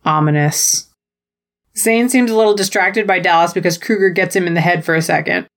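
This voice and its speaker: A woman co-hosting a podcast, recapping wrestling matches in a playful, jokey way with goofy quoted voices. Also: on the low side. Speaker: podcast co-host. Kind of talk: casual wrestling recap chat.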